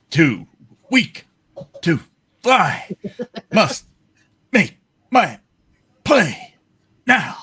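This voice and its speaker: A man voicing a weary armored superhero from a comic, reading in a husky voice. Each word is dragged out very slowly. The pitch is high and swoops about widely. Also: fairly bright tone, full character voice. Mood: furious. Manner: slow, drawn-out dramatic reading.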